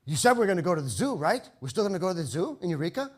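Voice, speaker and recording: A man's voice: high voice, big pitch swings, racing, voice pushed up. A man voicing his earnest three-year-old daughter, asking wide-eyed questions. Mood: eager. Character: little girl, three years old, earnest.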